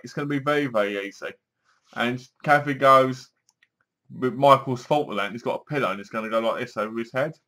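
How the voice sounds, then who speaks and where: A man's voice: on the high side, fairly bright tone. A man giving a casual spoken review of a TV episode, acting out the scenes as he retells them. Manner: chatty, acts out scenes with sighs and gasps.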